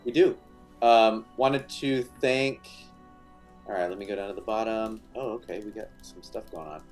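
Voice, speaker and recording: A man's voice: fairly low pitch, normal speed, faint music behind. Casual man reading stream thanks. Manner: casual, filler-heavy, friendly. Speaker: tabletop player reading channel thanks.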